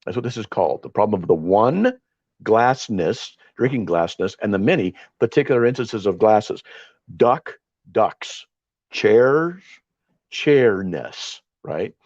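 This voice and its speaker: A man leading an informal Bible study, talking in an animated, argumentative way with frequent restarts. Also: lowish voice, unhurried, no room sound. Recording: dull, dry lo-fi recording.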